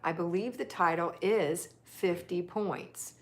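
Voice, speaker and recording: A livestream host with a lowish voice speaks slowly, chatting affectionately in a casual stream and reading viewer comments aloud.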